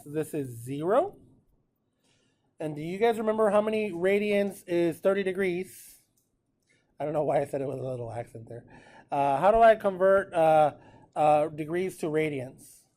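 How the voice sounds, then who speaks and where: A man teaching a precalculus class in a relaxed, chatty way, often checking in with his students. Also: on the high side, moderate pace. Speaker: math teacher. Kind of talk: classroom lecture recorded with notes.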